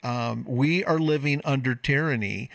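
A male call-in radio host delivers a long, emphatic monologue and wanders into side points. His tone is bright and pushing. The sound is dry and a touch distant from the microphone. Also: mid-range voice, unhurried, creaky, no room sound. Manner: lecturing, emphatic, drifts into tangents. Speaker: radio talk show host.

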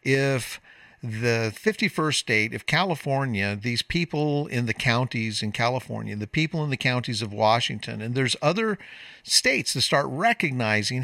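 A male call-in radio host delivers a long, emphatic monologue and wanders into side points. His tone is bright and pushing. The sound is dry and a touch distant from the microphone. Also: mid-range voice, expressive, normal speed, dry recording. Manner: lecturing, emphatic, drifts into tangents. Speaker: radio talk show host.

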